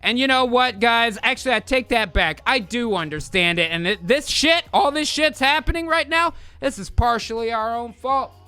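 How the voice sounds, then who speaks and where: Man, podcast host, heated profane rant, high bright voice, crisp, faint music behind. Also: moderate pace, few pauses. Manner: heated, swearing, rants at the audience. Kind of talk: profane political commentary.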